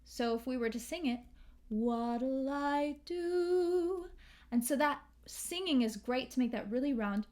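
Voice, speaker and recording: A woman's voice: on the high side, a little mellow. A woman teaching English pronunciation, drawing out sounds and singing short phrases as examples. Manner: slow, drawn-out demonstration of sounds, sings phrases. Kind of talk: pronunciation lesson with sung examples.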